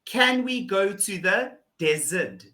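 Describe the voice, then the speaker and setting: A woman's voice: mid-range voice, very animated, takes it slowly, bright, forceful tone. A woman with a South African accent, tutoring English over a video call, patiently repeating words and laughing often. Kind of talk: one-on-one pronunciation lesson.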